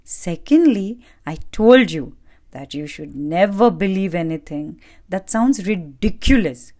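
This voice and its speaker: A woman's voice: lowish voice, unhurried. A woman playing a teasing little sparrow. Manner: teasing, lively, giggling. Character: clever mocking little male sparrow.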